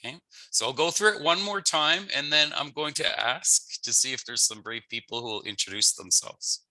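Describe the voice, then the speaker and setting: A man with a very bright, forceful voice teaches a lesson online. He talks patiently and repeats each phrase slowly, with friendly jokes. The sound is dry and close, with no room echo. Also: a little high. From Canada. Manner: friendly, jokey asides. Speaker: language teacher.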